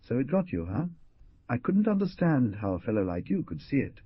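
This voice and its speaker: A man voicing a big, coarse, mocking man who jeers loudly and bellows with laughter, on a dull lo-fi recording. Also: mid-range voice, big pitch swings, fairly quick, slightly rough, no room sound, voice pushed up. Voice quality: loud and jeering.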